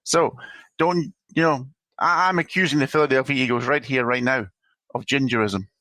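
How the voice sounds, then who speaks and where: A man's voice: mid-range voice, moderate pace, sharp tone, no echo. A man co-hosting a sports podcast, speaking in a teasing, theatrical way. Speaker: podcast co-host. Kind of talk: casual sports chat.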